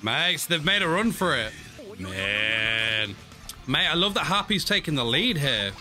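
A young man giving excitable casual reaction commentary, often laughing. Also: fairly high pitch, measured pace, faint music behind. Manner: excitable, frequent laughter and "mate". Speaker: anime reaction host.

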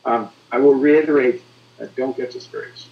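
Male priest panelist, gravelly, encouraging, muffled recording. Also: medium pitch, steady tone, normal speed. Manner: encouraging, repeats his words as he goes. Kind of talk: panel advice.

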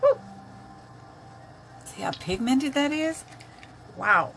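A woman's voice: high-pitched, animated, slow pace, vocal fry, a bit bright, a little hiss or hum. An older woman chatting casually on a makeup live stream, greeting viewers by name as she works.

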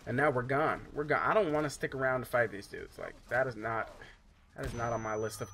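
A man's voice: medium pitch, brisk, fairly bright tone. A man casually commentating his own video game playthrough, rambling and joking with plenty of loose asides. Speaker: gameplay commentator. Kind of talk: casual let's-play commentary.

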